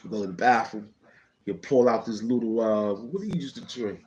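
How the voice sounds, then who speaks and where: Man host, lowish register, loose slangy storyteller who rambles and keeps checking in with the listener. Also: brisk, darkish tone, muffled recording. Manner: rambling, slangy street talk with frequent "you know what I'm saying". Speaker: channel host telling a personal story. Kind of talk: casual storytelling.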